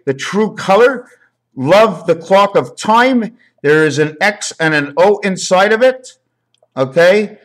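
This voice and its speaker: Man, rambling talk, wordplay and counting, fairly high pitch, uneven volume. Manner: meandering, wordplay, counting aloud, shifts from loud to quiet. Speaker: video maker. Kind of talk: rambling explanation to camera.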